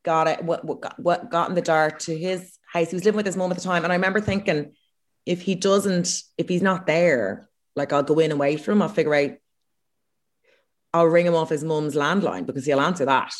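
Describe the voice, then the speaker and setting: A woman's voice: deep voice, steady tone, brisk. A young Irish woman co-hosting a podcast, telling a self-mocking story in a casual chat, swearing freely. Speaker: podcast co-host.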